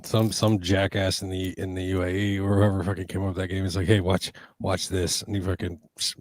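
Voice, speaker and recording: Low, dry-voiced American man swearing. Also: flat delivery, quick pace, dry recording. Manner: profane, teasing. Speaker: podcast guest. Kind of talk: casual chat.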